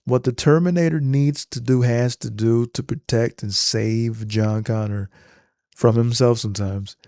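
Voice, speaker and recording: A man casually retelling a movie scene in an animated, slangy storytelling manner. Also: on the low side, dry recording, studio quality. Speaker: vlogger.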